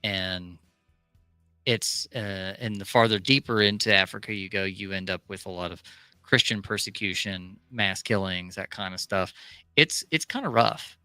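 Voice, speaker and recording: A male co-host talks through the news in an opinionated, casual way, often breaking off and restarting. His voice sits on the low side yet sounds bright and crisp. It is recorded dry and close, with faint music underneath. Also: steady tone, normal speed, dry recording. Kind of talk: casual political commentary.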